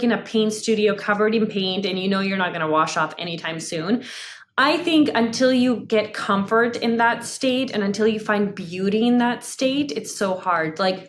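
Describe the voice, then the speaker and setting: A woman psychotherapist in her thirties, a guest in a conversational interview, talking in an animated way with lots of "like" fillers and frequent laughs. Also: a little high, slight background noise.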